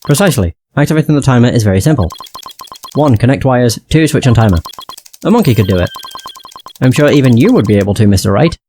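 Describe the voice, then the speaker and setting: A man voicing a terse, robotic male bomb disposal expert in a game, speaking in flat, clipped words. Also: medium pitch, fast, a little hiss or hum, close to an everyday voice. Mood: robotic, curt. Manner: clipped, flat, word-by-word delivery. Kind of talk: video game dialogue read aloud.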